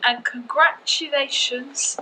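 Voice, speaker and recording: A woman's voice: high-pitched, fairly even intonation, takes it slowly, bright, forceful tone, slight background noise, heavily acted, rough recording. An amateur actress playing a sweet, polite flower girl. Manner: polite, eager. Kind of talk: amateur stage acting.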